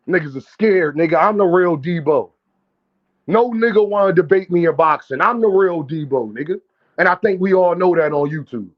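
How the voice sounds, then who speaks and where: A man's voice: sits high, animated, moderate pace. A man hosting a live boxing stream, talking brash and profane trash while calling out viewers in his chat. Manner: addresses chat directly, calls out viewers. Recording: dull lo-fi stream audio.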